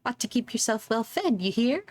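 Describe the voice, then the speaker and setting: A woman voicing a kindly tiny old village granny who sells bread, in a sweet, fussing, drawn-out lilt. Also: on the high side, big pitch swings, darkish tone. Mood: doting. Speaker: streamer voicing game dialogue.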